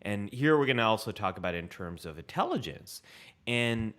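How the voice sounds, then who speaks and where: A man's voice: fairly low pitch, animated, brisk, fairly bright tone. A man co-hosting a casual live-stream chat, upbeat and rambling, laughing often and reading out viewer comments. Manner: reads viewer comments aloud. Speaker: co-host.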